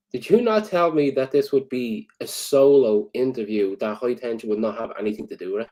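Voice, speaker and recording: Animated Irish man, joking guest. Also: medium pitch, poor audio. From Ireland. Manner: animated, joking, quick to rant. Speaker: guest wrestler. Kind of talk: casual interview chat.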